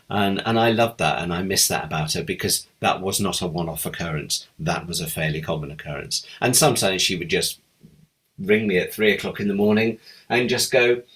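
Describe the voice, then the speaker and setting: Middle-aged man, very low voice; warm-hearted anecdotal interview reminiscence. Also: brisk, husky. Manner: fond, anecdotal, rambling. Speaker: TV script editor.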